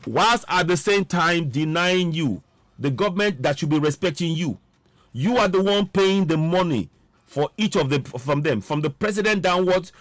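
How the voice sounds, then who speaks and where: A man delivering an impassioned political monologue, forceful and repetitive, with a preaching cadence. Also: a little high, no echo. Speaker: political commentator.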